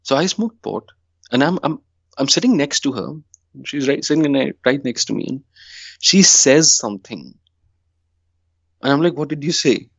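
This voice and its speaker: A man from India chats with a host and tells a story in a lively way, acting out his own past panic. His voice sits mid-range and comes through dry and slightly dull, like a lo-fi remote line. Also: mid-range voice, moderate pace, vocal fry, pauses often, no echo. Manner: animated, acts out his panicked past self with laughs. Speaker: guest. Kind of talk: casual storytelling chat.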